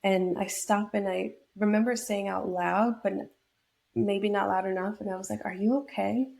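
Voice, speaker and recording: A woman's voice: medium pitch, fairly even intonation, moderate pace, creaky, darkish tone. A young woman from New York state, a podcast guest telling a personal story in a reflective way, with many fillers and restarts. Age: young adult.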